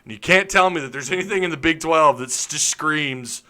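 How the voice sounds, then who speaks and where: A man hosting a live sports podcast, ranting loudly with opinions and jokes, laughing often as he reads viewer comments. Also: fairly high pitch, lively intonation, normal speed. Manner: loud, opinionated, joking rants with frequent laughs. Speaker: podcast host. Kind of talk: live-stream sports chat reading comments.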